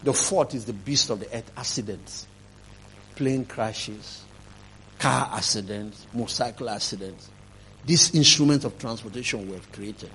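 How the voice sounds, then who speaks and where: A man preaching a sermon, telling a testimony, swinging from quiet telling to loud, emphatic preaching. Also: a little slow, slight background noise. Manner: rising to loud emphatic preaching, then dropping low.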